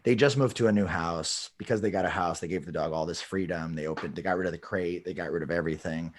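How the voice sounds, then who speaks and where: Low-voiced man telling a training story. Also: quick pace. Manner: lively storyteller, many backchannel hums. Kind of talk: podcast storytelling.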